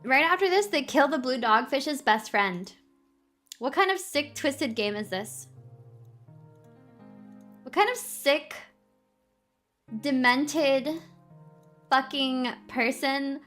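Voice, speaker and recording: A woman streamer in a casual live-stream rant, animated, swearing a lot and laughing often. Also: high voice, slow, long pauses, faint music behind. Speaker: VTuber streamer.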